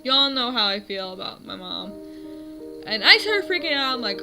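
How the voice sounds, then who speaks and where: A woman's voice: on the high side, sing-song, normal speed, music in the background, low-quality recording. A woman in her twenties at home, telling her dreams in a rambling, self-correcting casual vlog. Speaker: vlogger.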